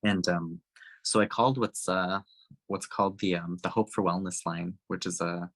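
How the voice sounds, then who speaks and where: Man, very low voice, earnest storytelling, dry close sound. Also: fairly even intonation, moderate pace, fairly bright tone, no echo, low-quality recording. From Canada. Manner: earnest, with frequent restarts and fillers. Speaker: town hall speaker. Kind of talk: personal storytelling talk.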